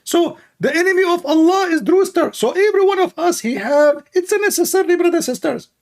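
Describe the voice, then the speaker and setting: A man's voice: extremely high pitch, lively intonation, fast talker, voice pushed up. A man voicing a mocking impression of a preaching male Muslim apologist, in an exaggerated sing-song sermon style. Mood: preachy.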